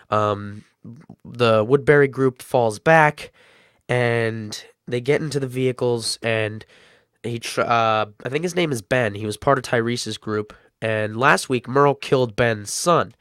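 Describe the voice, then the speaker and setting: A man recaps and reviews a TV episode in a loose, excitable way, stacking up "uh"s and "um"s as he goes. His voice is smooth and clean, recorded dry and close with no room sound. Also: mid-range voice, no echo. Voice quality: excitable, rambling with many fillers.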